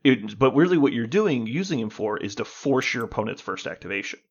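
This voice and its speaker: A man's voice: mid-range voice, lively intonation, brisk, husky, muffled recording. A man co-hosting a podcast in casual gaming chat, explaining at length, swearing and laughing as he talks. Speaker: podcast co-host.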